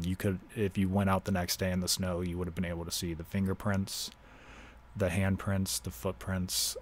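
A young man from Ohio hosting a podcast, telling a personal story in a casual, halting way and swearing freely. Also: on the low side. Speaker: podcast host.

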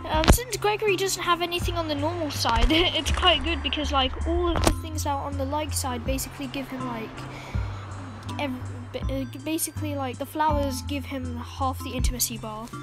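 A woman's voice: high-pitched, normal speed. A woman giving casual, exasperated commentary over a game, laughing and talking back to characters. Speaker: gaming channel host. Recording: game music behind voice.

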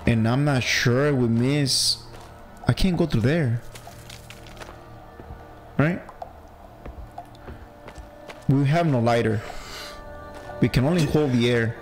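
A man's voice: mid-range voice, slow, pauses often, rough recording. A man with a heavy accent chats his way through a playthrough as a gaming channel host. He talks casually and laughs at himself, with faint game music underneath. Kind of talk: casual let's-play commentary.

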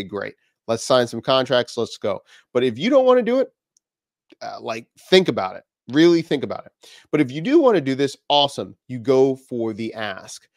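A man hosting his own channel, giving business advice straight to camera in an energetic way, asking one rhetorical question after another. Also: medium pitch, no echo, studio quality. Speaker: business coach and channel host.

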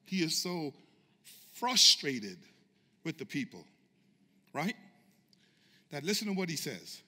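A high, wildly lively male pastor preaches with fervor, shouting lines and drawing his congregation into call-and-response. His tone is piercingly bright and sharp, and his voice rings through a church hall with a long reverb. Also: slow pace, breathy edge. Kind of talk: sermon. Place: church sanctuary. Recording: echoey church sanctuary reverb.

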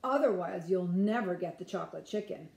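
A woman's voice: on the low side, lively intonation, fairly quick, vocal fry, darkish tone, reverberant. A woman voicing a bossy older-sister girl who scolds her little brother, in a storybook reading. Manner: bossy, sing-song calling.

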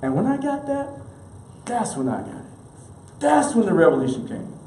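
A man's voice: high voice, sing-song, moderate pace, warm tone, a little hiss or hum. A male minister preaching a sermon with emphatic repetition, leading the congregation to repeat lines back, sometimes chuckling. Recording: roomy echoey room.

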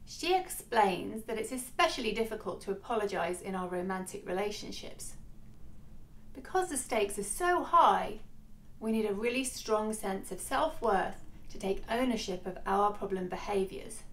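A woman delivers scripted educational narration in a clear, instructive tone. There is a light wry edge to her delivery. Her pitch sits in a medium range. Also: lively intonation, moderate pace, a bit bright.

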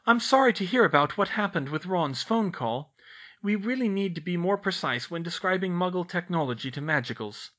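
A man's voice: high voice, animated, a little fast, sharp tone, voice pushed up. A man reading out a letter in the voice of an earnest, caring schoolgirl. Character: bright, earnest schoolgirl witch.

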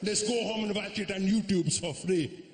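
A man's voice: normal speed, lightly acted. A man putting on an older Indian uncle with an Indian English accent, barking insults over and over. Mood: angry. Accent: Indian English, put on. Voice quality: high, barking, repeats insults. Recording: echoey live venue, loud room noise.

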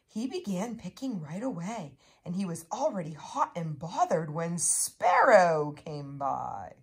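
A woman narrating children's picture books in a gentle, expressive storytelling voice. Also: lowish voice, unhurried, husky. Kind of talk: children's story read-aloud.

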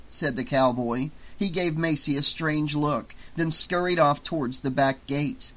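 A male audiobook narrator with a slightly high voice. He reads the story in a steady, even storytelling manner. It is scripted narration throughout. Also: a little slow, hardly any pauses.

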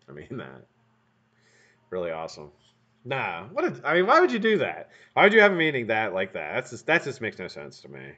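Streaming casually from a room at home, this man builds vape coils at his bench and chats freely, cursing, rambling and tossing jokes to his viewers. His mid-range voice swoops wildly in pitch and sounds pushed and bright, with a brisk pace. The audio quality is dull and lo-fi.

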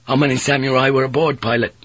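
A man voicing a frightened young sailor who has lost his teeth, with panicky, shrill outbursts. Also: level tone, fast talker, fairly bright tone, husky, no echo. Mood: horrified. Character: fearful young male sailor, toothless.

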